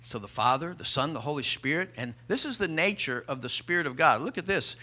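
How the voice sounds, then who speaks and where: A male pastor preaching a sermon, animated and emphatic, asking the congregation rhetorical questions. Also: on the high side, a little fast.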